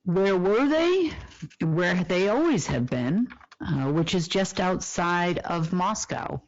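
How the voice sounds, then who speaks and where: Solo report host: emphatic, self-answering questions, fillers; mid-pitched, dry and dull-sounding recording. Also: slow, no room sound. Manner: asks rhetorical questions and answers them himself. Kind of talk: monologue report.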